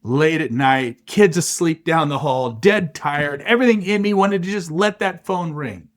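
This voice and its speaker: Middle-aged male host, impassioned commentary, lively swooping delivery, emphatic rhetorical beats. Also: on the high side. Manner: emphatic, punchy rhetorical delivery with dramatic pauses. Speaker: podcast host.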